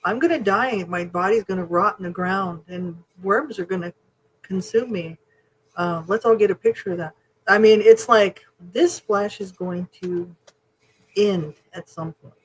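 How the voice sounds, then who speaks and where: A woman co-hosting a podcast in casual chat, frank and animated, swearing freely. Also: mid-range voice, a little slow, slight background noise, low-quality recording. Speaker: podcast co-host.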